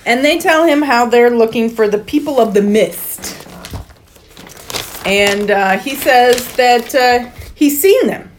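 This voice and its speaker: A woman's voice: a little high, slow, a little hiss or hum. A woman co-hosting a podcast, recapping a movie plot in casual chat and getting exasperated when she is interrupted. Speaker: podcast co-host.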